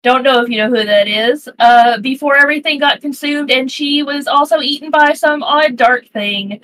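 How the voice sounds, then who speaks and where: Brief: woman player, slightly high voice, flat blunt delivery. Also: normal speed, low-quality recording. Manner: blunt and deadpan. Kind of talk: in-character tabletop play.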